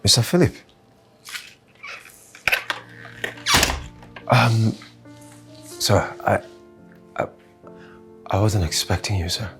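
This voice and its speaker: An actor with a Nigerian accent playing a broke, desperate young husband who pleads and stammers in a film drama. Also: male voice, on the low side, takes it slowly. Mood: nervous. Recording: echoey room with music.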